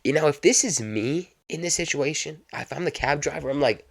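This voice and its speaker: Gravelly young man rambling on a podcast. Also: a little high, expressive, brisk, few pauses, no room sound, clean studio sound. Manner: rambling, repeats phrases, chatty. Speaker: podcast host. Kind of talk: casual solo podcast chat.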